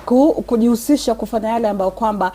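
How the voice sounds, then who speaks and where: A woman speaks as a guest on a live talk show. Her voice is mellow and warm, and she is measured and earnest, weaving English into her Swahili. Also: fairly high pitch. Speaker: guest speaker, religious teacher.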